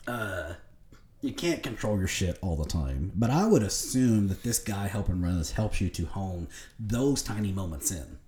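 A man in his thirties hosting a casual chat, telling stories in a profane, animated way. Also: sits low, moderate pace, roomy sound. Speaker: podcast host.

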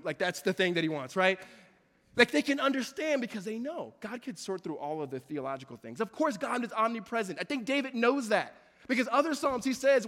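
Pastor, male, high voice, impassioned preacher who repeats lines for emphasis, long hall reverb. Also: expressive, brisk, a bit bright. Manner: preaches with rising intensity, repeating phrases. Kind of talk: sermon. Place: church sanctuary.

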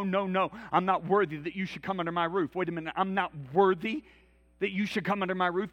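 A man preaching a sermon in a church, telling Bible stories dramatically and acting out the voices, swinging from loud to hushed. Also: sits high, in a large hall.

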